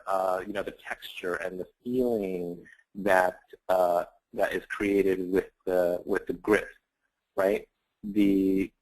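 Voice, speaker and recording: Guy teaching a branding class, kinda low voice, casual lecture tone, keeps checking in with the room. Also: poor audio. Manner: conversational, frequent "right?" tag questions. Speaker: branding instructor. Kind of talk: presentation lecture with slides.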